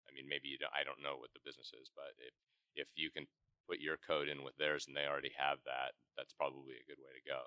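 Super deep voiced guy, bright and crisp, tossing out advice. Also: flat delivery, fast talker, dry recording, studio quality. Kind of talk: conference panel discussion.

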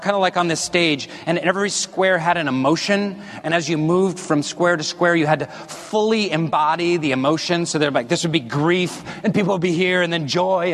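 Man giving a stage talk, a bit high-pitched, rambling and self-mocking, reverberant large hall. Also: a bit bright. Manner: rambling and self-deprecating, with jokes to the crowd. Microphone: wearing a body mic.

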